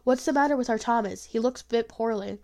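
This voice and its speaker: A woman voicing a worried, hot-tempered farmer father in a storybook reading, gruff and blustering. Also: on the high side, fast talker, a little mellow, close to an everyday voice. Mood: troubled.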